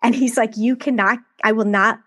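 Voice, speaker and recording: Candid woman telling her story, slightly high voice. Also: normal speed, husky. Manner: candid, animated storytelling with frequent asides. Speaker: podcast guest. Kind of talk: conversational interview storytelling.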